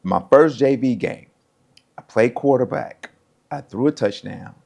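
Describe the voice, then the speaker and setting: A middle-aged American former pro football player tells casual stories from his life in a gravelly, mid-range voice at a measured pace. He's an animated storyteller who acts out the voices of the people he quotes.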